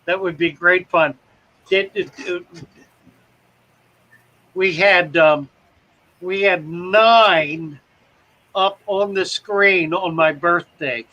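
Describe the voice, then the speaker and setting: A man hosts a casual livestream, greeting viewers by name, reading their comments, and rambling with self-deprecating jokes. His voice sits high and sharp, and he talks extremely slowly with frequent pauses. The recording has its highs cut off.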